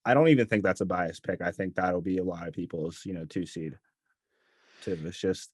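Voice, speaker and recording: A man co-hosting a podcast, relaxed and agreeable in casual chat. His voice sits a bit low and tends to trail off quietly. The recording is dry and close. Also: fairly quick, breathy edge, dry recording. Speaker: podcast co-host. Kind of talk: casual chat about wrestling.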